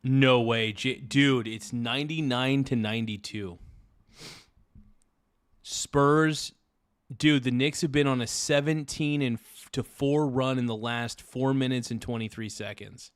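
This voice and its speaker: A man live-streaming, chatting casually and giving an excitable, frustrated play-by-play with frequent swearing. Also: mid-range voice, a little slow, clear, resonant tone.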